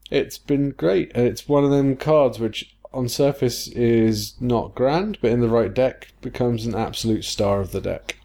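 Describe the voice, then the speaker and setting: A man's voice: on the low side, vocal fry, warm tone. A man co-hosting a podcast in casual chat, rambling and laughing often. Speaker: podcast co-host.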